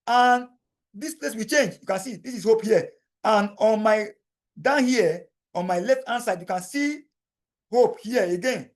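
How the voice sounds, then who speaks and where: A man teaching a software tutorial as a voice-over on a screen recording. He speaks to the viewer directly, explaining each step slowly and repeating points to make sure they land. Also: high-pitched. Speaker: tutorial instructor.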